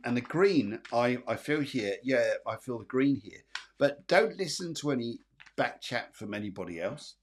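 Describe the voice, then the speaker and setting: A man's voice: mid-range voice, darkish tone. A middle-aged man hosting a live-streamed psychic show, reading out viewer comments and giving reassuring readings with many fillers and repeats. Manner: reads viewer comments aloud. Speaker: psychic medium.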